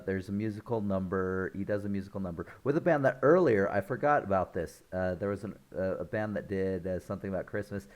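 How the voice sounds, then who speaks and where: A man's voice: deep voice, a little mellow. A man casually recapping a film's plot for his channel, chuckling often as he rambles through the scenes. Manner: rambling, loose retelling with restarts. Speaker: online film reviewer.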